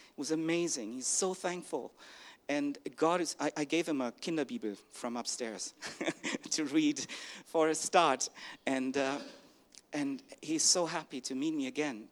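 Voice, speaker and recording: A man giving a personal testimony to a congregation, speaking haltingly with frequent restarts and acting out the conversations he describes. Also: on the high side. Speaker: church member giving a testimony.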